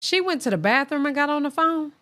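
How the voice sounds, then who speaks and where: A woman co-hosting a live reaction stream, breaking in with loud, blunt commentary. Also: high voice, animated, a little fast.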